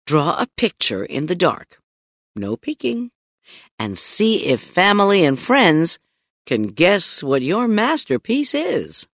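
A woman narrating a children's audiobook in a playful, expressive storytelling manner, close to a studio mic. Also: on the low side, dry recording.

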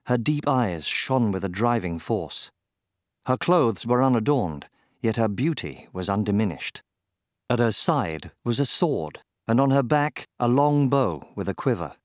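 A man reads a fantasy story aloud in a measured, steady manner. His voice sits on the low side. The recording is dry and close, with no room sound. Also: dry recording. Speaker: narrator. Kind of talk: scripted audiobook narration.

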